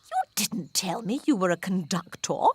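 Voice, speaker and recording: A woman's voice: mid-range voice, very animated, moderate pace, husky, no room sound. A woman voicing a posh, condescending visiting queen in a cartoon, gushing and patronizing.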